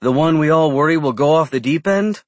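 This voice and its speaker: A man voicing a small, sharp-tongued female vampire with a brisk, sarcastic manner. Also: on the high side, dry recording, voice pushed up, natural voice.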